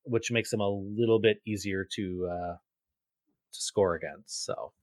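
A man's voice: fairly low pitch, slow, dry recording. A man co-hosting a podcast, talking through picks and stats in casual chat. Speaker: podcast co-host. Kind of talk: casual sports betting chat.

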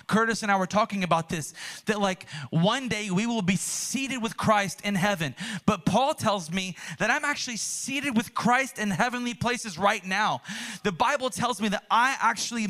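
A male pastor preaching a sermon in a conversational, animated way. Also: high-pitched.

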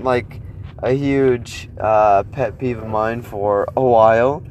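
A man's voice: mid-range voice, fairly even intonation, takes it slowly, darkish tone, a little hiss or hum. A young man vlogging outdoors, telling his viewers a story, acting out his own reactions and rambling with restarts.

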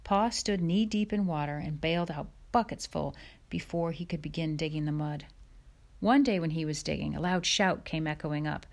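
Woman narrating an audiobook, low voice. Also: normal speed, a little mellow. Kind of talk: audiobook reading.

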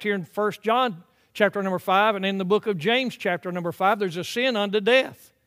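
A sermon is delivered in a church sanctuary by an older pastor, a man with a high voice. His emphatic preaching climbs to loud peaks, then settles into soft, drawn-out phrasing.

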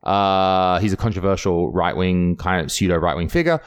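An Australian man, a comedian, telling stories in casual chat, animated and sweary with frequent laughter. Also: low-pitched, normal speed, clear, resonant tone.

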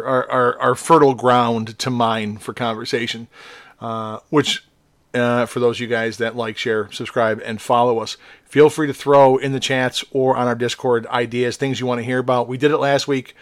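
A man's voice: medium pitch, no room sound. Male co-host, chatty, loose, restarts a lot, dry close-mic sound. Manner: rambling, with many restarts and fillers. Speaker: podcast co-host, module writer. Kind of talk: casual chat.

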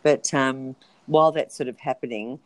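Low-voiced woman, chatty and frank. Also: fairly even intonation, normal speed, no echo, poor audio. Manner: chatty, rambling, frank, swears casually. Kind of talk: casual reality-TV gossip chat.

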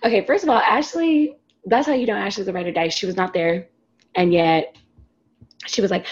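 A woman in casual chat, expressive and jumping high in pitch when excited. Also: brisk, lo-fi sound. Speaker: podcast co-host.

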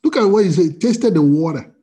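A man preaching a sermon as pastor, telling a personal story with acted-out dialogue and swings from loud to quiet. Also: high voice, expressive, brisk, slightly rough. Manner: storytelling with quoted dialogue, wide swings in loudness. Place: church service via video call.

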